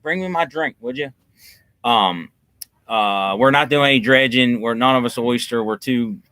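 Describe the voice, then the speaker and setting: A man's voice: mid-range voice, normal speed, pushed and bright, smooth, dry recording. A man co-hosting a casual livestream chat, talking in an easygoing, teasing drawl. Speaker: co-host.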